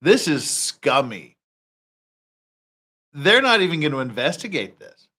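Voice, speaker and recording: A man's voice: on the high side, unhurried, husky. A man hosting a reaction commentary, ranting heatedly and swearing often. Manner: heated, profane, animated ranting. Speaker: commentary host.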